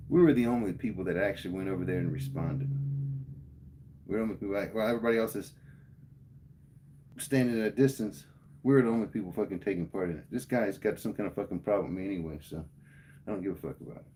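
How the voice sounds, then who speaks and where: A man's voice: low voice, fast, pauses often, mellow, a little hiss or hum. A man livestreaming, telling a heated, profane story to his chat in casual speech. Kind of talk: casual rant to live chat.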